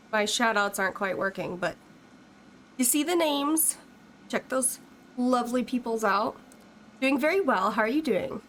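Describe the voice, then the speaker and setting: Giggly high-voiced woman game streamer. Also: fairly bright tone, a little hiss or hum. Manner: chatty, giggly, reads in-game texts aloud. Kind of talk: casual live-stream chat over gameplay.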